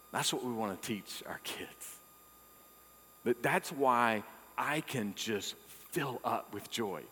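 A man preaching a sermon as pastor, swinging between loud, emphatic declarations and hushed, intimate passages. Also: lowish voice, husky. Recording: long hall reverb.

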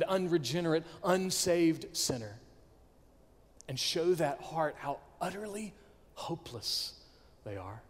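A man preaching a sermon, swinging between loud declarations and hushed near-whispers. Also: high-pitched. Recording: long hall reverb.

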